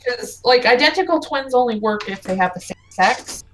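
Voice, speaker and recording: Brief: woman game master, high voice, chatty narration. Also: expressive, normal speed, fairly bright tone, a little hiss or hum, rough recording. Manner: chatty, with restarts and laughs.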